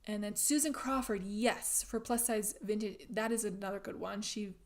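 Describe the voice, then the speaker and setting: A woman's voice: mid-range voice, fairly even intonation, normal speed. Chatty woman host of a craft livestream. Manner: chatty, warm-hearted, trails off and restarts. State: out of breath. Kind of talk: casual chat reading viewer comments.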